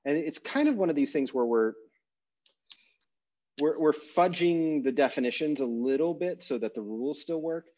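A man teaching an online language class, thinking aloud with many pauses and self-corrections. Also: a little high, animated, warm tone, dull audio. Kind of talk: explaining grammar in a live online class. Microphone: video call.

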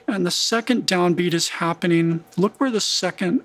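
A man's voice: high voice, normal speed, few pauses, slightly rough. Man explaining audio editing. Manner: relaxed, explains rhythm by humming da-da syllables. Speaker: music production tutor. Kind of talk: screen-recorded software tutorial.

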